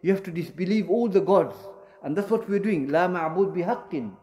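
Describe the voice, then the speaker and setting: A man's voice: sits high, fairly quick, warm tone, soft background music. A man teaching a lesson, explaining points with many fillers and self-corrections and mixing Arabic terms into English. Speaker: Islamic studies teacher. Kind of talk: classroom lecture.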